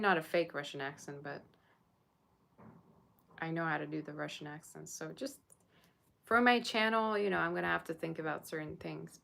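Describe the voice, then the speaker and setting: A woman's voice: low voice, vocal fry, a bit bright, slight background noise. A woman doing a live tarot reading, chatting casually with her viewers. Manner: chatty, talks to viewers and chat. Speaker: tarot reader.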